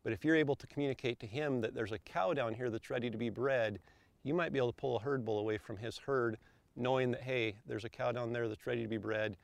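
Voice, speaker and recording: A man calmly explaining elk calls step by step, as an instructor. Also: mid-range voice, fast talker, creaky, no echo. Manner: calm, methodical, explains step by step.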